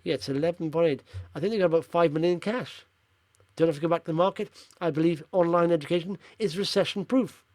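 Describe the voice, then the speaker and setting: A man's voice: fairly high pitch, quick pace, a little mellow, dry recording. Tired, chatty male stock vlogger. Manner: chatty, rambling, blunt opinions. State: tired after a long drive. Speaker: stock-picking video host. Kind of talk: casual market commentary over charts.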